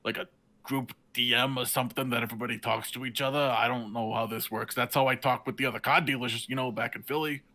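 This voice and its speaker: A man riffs as a co-commentator at a wrestling match, rambling in halting, filler-heavy sentences. His voice is mid-pitched and bright. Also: fairly even intonation. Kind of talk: joking color commentary.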